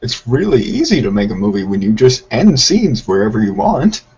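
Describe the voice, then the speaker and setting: A man's voice: medium pitch, very animated, moderate pace, darkish tone, breathy edge, muffled recording. A man making dry, wry jokes while riffing on an old movie, with film music behind. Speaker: comedy film commentator.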